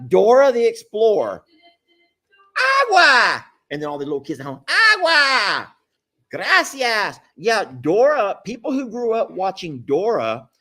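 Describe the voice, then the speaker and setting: A middle-aged man, hosting a live stream in a folksy, rambling, casual way and chuckling often. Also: on the high side.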